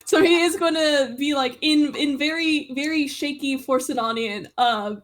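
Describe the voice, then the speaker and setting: A woman with a high voice plays a tabletop game. She speaks hesitantly, with lots of uhs and pauses. She drifts between chatting and speaking in character. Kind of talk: casual in-character play.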